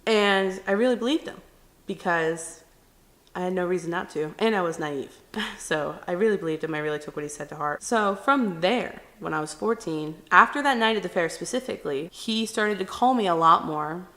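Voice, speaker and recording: A woman's voice: lowish voice, normal speed, pushed and bright. A young woman talking candidly to the camera, telling a personal story and acting out what people said. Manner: candid, chatty, acts out quotes. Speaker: vlogger.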